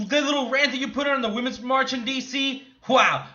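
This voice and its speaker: A young man ranting angrily in a gaming commentary vlog, profane and mocking, sometimes shouting. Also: extremely high pitch, fairly quick. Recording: dull lo-fi recording.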